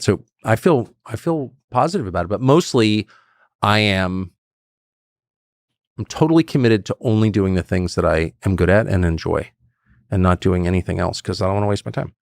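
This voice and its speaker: A man's voice: normal speed, vocal fry, no room sound, clean studio sound. A man as a podcast guest, talking casually and rambling, with frequent restarts and chuckles. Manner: rambling, restarts and chuckles, lively swings in pitch. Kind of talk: casual conversation.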